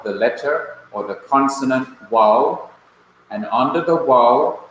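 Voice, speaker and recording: A male Bible language teacher from Jamaica, lecturing a class slowly and patiently, repeating key points. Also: medium pitch, a bit bright, slight background noise. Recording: echoey classroom, mic at a distance.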